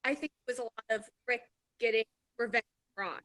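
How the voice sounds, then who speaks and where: Bright-voiced woman caller. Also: on the high side, fast talker, no room sound.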